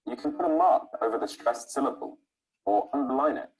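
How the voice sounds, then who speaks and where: A man's voice: mid-range voice, lively intonation, brisk, vocal fry, a little mellow, rough recording. A man teaching English pronunciation, stretching out syllables to show the stress. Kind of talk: scripted lesson narration.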